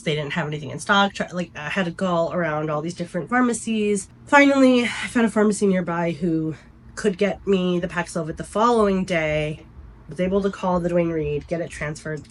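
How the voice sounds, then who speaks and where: Young woman vlogger, sick and stuffy; lower-pitched, chatty, fed up; faint background noise. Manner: chatty, exasperated storytelling. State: sick, congested and weak. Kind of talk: casual story time.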